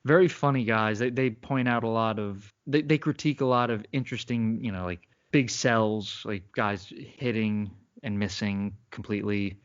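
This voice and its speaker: A man's voice: on the low side, normal speed, hardly any pauses. A man co-hosting a podcast in casual chat, rambling and laughing often, slipping into mock accents. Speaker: podcast co-host. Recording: dull lo-fi sound.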